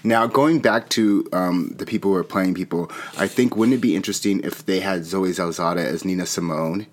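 A plainspoken man co-hosting a casual comedic chat, with a very low voice. He talks earnestly and sometimes sounds a bit puzzled. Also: brisk. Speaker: podcast co-host.

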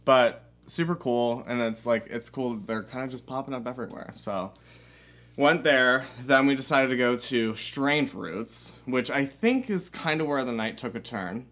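A man's voice: mid-range voice, moderate pace, a bit bright. A young man co-hosting a podcast, telling stories casually with lots of fillers and the odd swear word. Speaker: podcast co-host. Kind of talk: casual chat.

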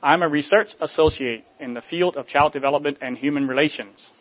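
A man reading the lines of a composed mother who answers coolly and slowly, with a slightly muffled sound. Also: a little high, dry recording, lightly acted. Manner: cool, deliberate. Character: composed young mother, quietly proud.

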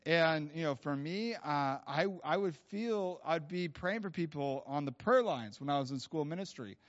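A man preaching at a church, telling stories in a casual, animated way with many fillers. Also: on the high side, moderate pace. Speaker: guest preacher. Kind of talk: storytelling sermon. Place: church hall. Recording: dull lo-fi sound.

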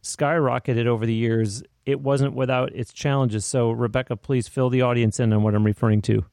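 Dark-voiced male podcast host. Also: medium pitch, steady tone, fairly quick, creaky, no room sound, clean studio sound. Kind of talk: interview questions.

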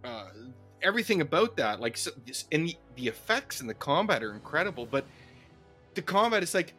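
A middle-aged man, co-hosting a casual gaming podcast and ranting in an animated, profane way into a podcast mic. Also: on the high side, a little fast, soft background music. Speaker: podcast co-host.

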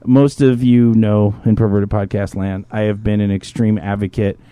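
This adult podcast host, a parent, tells a story from his own life in a chatty way, full of swearing and impressions of others. His animated, profane delivery comes at a moderate pace in a fairly low, smooth voice. The recording is lo-fi with no room sound.

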